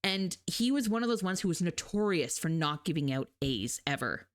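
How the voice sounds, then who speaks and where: A woman's voice: lowish voice, big pitch swings, moderate pace. A young adult woman, streaming and chatting casually with her viewers, telling stories animatedly and laughing often. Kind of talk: casual chat with live chat.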